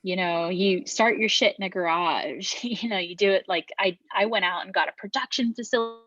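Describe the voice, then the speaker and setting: A woman's voice: medium pitch, fairly quick, a bit bright, no echo, highs cut off. A middle-aged woman telling her story as an interview guest, speaking frankly, swearing casually and often restarting her sentences. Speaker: podcast guest, beverage founder.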